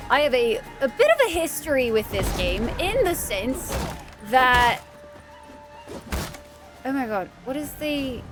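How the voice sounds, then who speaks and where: Chatty high-voiced woman streamer. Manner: chatty, thanks viewers by name, quick laughs. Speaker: live streamer. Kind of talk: casual chat while gaming. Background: faint game music.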